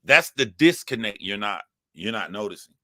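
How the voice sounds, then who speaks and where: Forceful, profane man ranting to chat. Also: lowish voice, very animated, normal speed, no echo, clean studio sound. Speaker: streamer commentator. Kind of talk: heated commentary to live chat.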